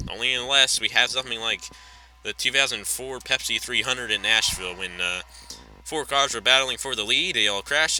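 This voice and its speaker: A man calling a race play-by-play, quick and chatty, often correcting himself mid-sentence and wandering into offhand asides. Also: mid-range voice, sharp tone, a little hiss or hum, rough recording. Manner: rapid call with self-corrections and chatty asides. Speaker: race commentator.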